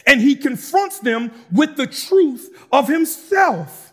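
A man preaching a sermon, moving between calm explanation and fervent shouting with casual asides to the congregation. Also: very high voice, slow. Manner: shouts and preaches with rising intensity, conversational asides. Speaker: pastor.

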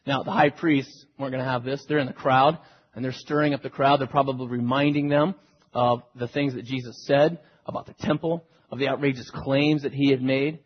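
A man preaching a sermon, retelling a scripture story dramatically and swinging between hushed and loud delivery. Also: medium pitch, little pitch movement, brisk, slightly rough. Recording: dull recording with long hall reverb.

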